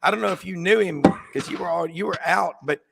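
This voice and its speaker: A man hosting a sports talk show, excitable and rambling, and losing his voice. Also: sits high, brisk, vocal fry, heavy background noise. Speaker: sports radio host. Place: coffee shop.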